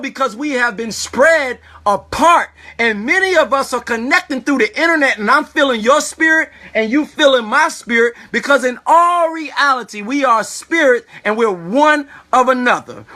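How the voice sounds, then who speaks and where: A man giving a motivational talk to his online viewers, preachy and animated, who keeps asking "all right?" and telling them to think about it. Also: very high voice. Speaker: online video host.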